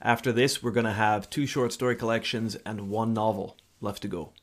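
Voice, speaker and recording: A man's voice: fairly low pitch, steady tone, moderate pace. A man co-hosting a casual literary podcast, talking in a wry, playful way with mock-formal asides. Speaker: podcast co-host. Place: home in Scotland.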